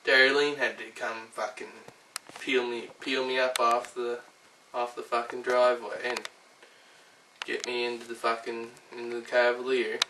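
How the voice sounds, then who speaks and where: Brief: man impersonating a profane, bragging chicken catcher, rough rant, roomy echo with faint background hum. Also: medium pitch, level tone, normal speed, natural voice. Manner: profane ranting storytelling. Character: foul-mouthed rough male chicken catcher, boastful. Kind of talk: recited monologue impression. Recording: roomy, distant, faint ambient noise.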